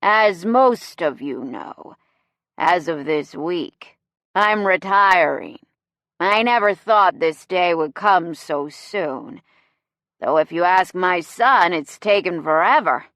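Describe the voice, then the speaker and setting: A woman's voice: on the low side, lively intonation, dry recording, studio quality, full character voice. A woman voicing a drunk older man who slurs his words while giving a speech in an audiobook. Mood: drunken boastful. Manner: slurred, slow, loud.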